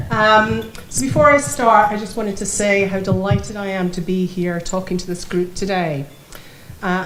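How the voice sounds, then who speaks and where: A Scottish woman giving a keynote speech at an awards dinner in a chatty way, with small laughs. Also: medium pitch. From Scotland. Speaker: keynote speaker. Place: banquet hall. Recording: echoey hall, faint noise.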